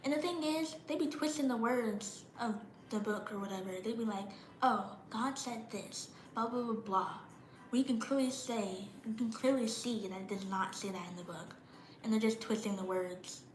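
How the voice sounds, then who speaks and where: A woman's voice: fairly high pitch, normal speed, a little mellow, roomy sound, slight background noise, poor audio. A young woman vlogging casually, blunt and slangy, shivering a little from the cold. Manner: slangy, blunt, drops into mocking parent impressions. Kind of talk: casual monologue vlog.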